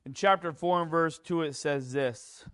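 A man's voice: fairly high pitch, normal speed, no room sound. Conversational preaching man, dry sound. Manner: conversational preaching with fillers, rising to animated acted-out quotes. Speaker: pastor. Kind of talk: sermon.

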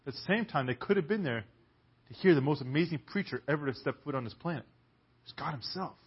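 A man's voice: a little high, lively intonation, quick pace, husky. A man preaching a sermon in a church, emphatic and full of rhetorical questions, on a dull lo-fi recording.

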